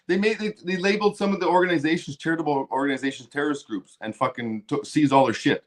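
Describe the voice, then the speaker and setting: Speaking quickly in a voice on the high side, this stream host goes on a heated, profane political rant. He keeps repeating himself and starting sentences over.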